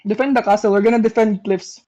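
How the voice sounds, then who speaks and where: A woman's voice: mid-range voice, fairly even intonation, quick pace, mellow, lo-fi sound. A young woman calling shots in game voice chat, repeating urgent commands with exasperation. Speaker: shotcaller.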